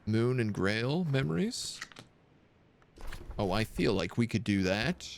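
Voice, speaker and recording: A man's voice: on the low side, big pitch swings, takes it slowly, vocal fry, a little hiss or hum. A man streaming a game live, thinking aloud and muttering over his choices. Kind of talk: live gameplay commentary.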